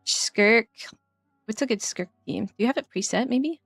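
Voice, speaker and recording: A woman's voice: a little high, expressive, a little slow, gravelly, husky, dry recording, faint music behind. A woman casually commenting while playing a game on stream, chatty and laughing often, trailing off as she thinks.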